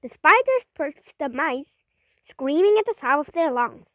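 Female reader, high-pitched, halting delivery with frequent self-corrections, dry close recording. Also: big pitch swings, no echo. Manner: halting, rereads and corrects words. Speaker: storybook reader. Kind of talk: reading a children's story aloud.

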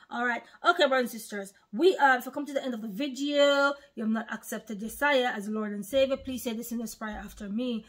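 A woman's voice: on the high side, brisk, hardly any pauses. Emphatic woman preaching to camera. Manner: emphatic, repeats phrases, asks listeners rhetorical questions; reads out viewer names one by one. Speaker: online preacher. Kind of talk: informal religious teaching to camera.

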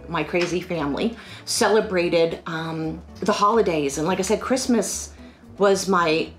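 A middle-aged woman from Pennsylvania chatting casually about family holiday memories in a rambling, animated way. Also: fairly low pitch. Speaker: financial firm staff. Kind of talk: casual personal storytelling.

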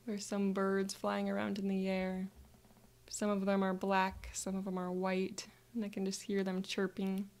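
A woman narrating a calm guided visualization in the first person, speaking softly and sometimes slipping into breathy whispers. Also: medium pitch, a little slow.

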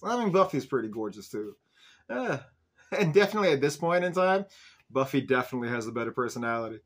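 A man of middle pitch talks through a TV episode in a loose, chatty recap. He fills his sentences with "like" and "um" and keeps the retelling lively and conversational, never scripted. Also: fast. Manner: chatty, peppered with "like" and "um", animated retelling. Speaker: show host reviewing an episode.

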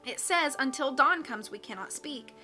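A woman's voice: high-pitched, animated, moderate pace, sharp tone, soft background music, full character voice. A woman voicing a clever, bookish boy who patiently explains ideas, read aloud from a storybook. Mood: explaining.

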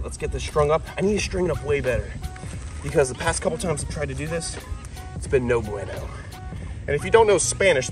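A young man from the United States hosts a wildlife vlog in a high, excitable voice, with loud music behind him. He chats and explains between attempts, then breaks into yelps and shouts when the action starts. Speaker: wildlife vlogger. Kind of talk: excited animal vlog commentary.

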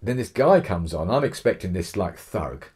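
A middle-aged man with an English Kent accent tells his story as a podcast guest, acting out what others said. His voice sits very low and sounds husky. He restarts phrases as he talks. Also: normal speed. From England. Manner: animated storyteller, acts out quotes, frequent restarts. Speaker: interview guest, author. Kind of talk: conversational storytelling.

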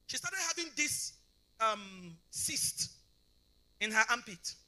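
A bright, forceful, middle-aged Nigerian woman tells a testimony to a conference crowd. Her pitch swings widely as she acts out every voice in her story, and she keeps checking that her listeners are following. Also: extremely slow. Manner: animated storytelling, often asks the congregation if they understand; acts out both sides of dialogues. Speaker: conference speaker. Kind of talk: testimony sermon.

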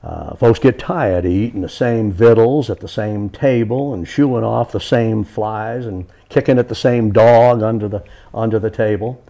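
Guy doing an old southern country yarn-spinner, gravelly drawl, folksy and rambling. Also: on the low side, warm tone. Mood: musing. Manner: homespun, unhurried rambling.

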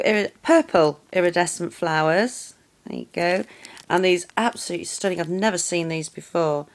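A woman, gushing warmly and casually as she unboxes nail art supplies for her vlog. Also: lowish voice. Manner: gushing, effusive.

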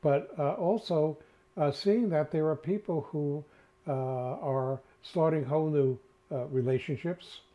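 A man's voice: a little high, a little slow, warm tone. An older man with a New York accent, co-hosting a casual chat, rambling with many filler sounds. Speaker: co-host. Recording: dull lo-fi sound.

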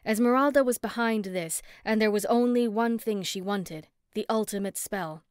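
A woman narrating a first-person story in an expressive, steady audiobook read on a close mic. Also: mid-range voice, normal speed, clean tone, no echo.

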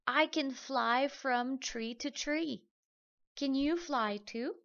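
A woman voicing a proud parrot in a children's story, bright and showy. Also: sits high, slow, dull audio, pitched above the performer's own voice, exaggerated voice. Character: proud parrot flying tree to tree.

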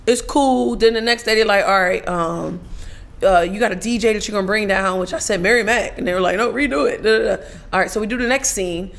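A woman guest on a casual talk show, telling lively stories, swearing freely, laughing often and acting out other people's lines. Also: mid-range voice, fairly quick, creaky. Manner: laughs often while talking. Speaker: podcast guest. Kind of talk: casual storytelling interview.

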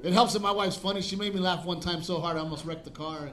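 A man's voice: high-pitched, fairly even intonation, fast. A man doing a stand-up comedy set, telling a brash, profane story and acting out quotes on a club stage. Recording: live club recording with crowd laughter and noise.

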